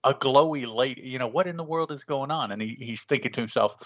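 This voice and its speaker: A man's voice: medium pitch, fast, a bit bright, highs cut off. A man co-hosting a casual comics podcast, who talks in a rambling way with many restarts. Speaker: podcast co-host.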